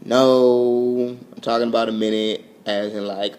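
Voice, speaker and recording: Overtired and goofy, a young vlogger rambles in a late-night phone video shot at home, his voice swooping up and down. He speaks at a measured pace with a fairly low, slightly mellow voice and a flat delivery.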